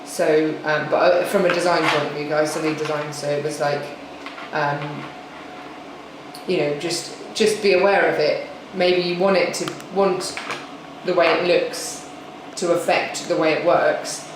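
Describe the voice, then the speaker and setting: A former design student chats casually in an interview, rambling a little and leaning on fillers. The voice rings in a very reverberant room. A steady air-conditioning hum sits clearly underneath. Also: mid-range voice, unhurried. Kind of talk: interview answer. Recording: very echoey room with background hum.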